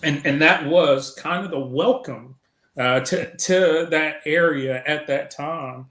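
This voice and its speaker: A man's voice: on the high side, slow pace, a bit bright. A middle-aged man from Chicago, a podcast guest, recounting past events in a reflective way and voicing the people in his story. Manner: reflective, retells events with quoted dialogue. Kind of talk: storytelling in conversation. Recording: roomy echo.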